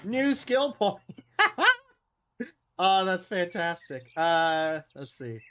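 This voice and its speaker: Animated woman streamer with lively pitch. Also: slight background noise. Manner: animated, laughs often, quick exclamations. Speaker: game streamer. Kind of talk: casual live-stream chat over gameplay.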